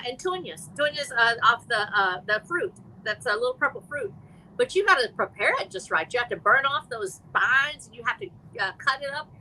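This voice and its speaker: A middle-aged woman, chatting as a guest author on a live stream, rambling and animated with many restarts. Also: a little high, a little hiss or hum, rough recording. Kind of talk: casual chat.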